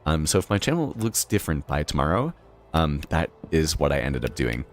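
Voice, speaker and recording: Speaking briskly in an extremely low voice with wide pitch swings, a Boston-accented man from Massachusetts rambles through casual live-stream chat as he plays. He leans on lots of fillers and laughs a lot.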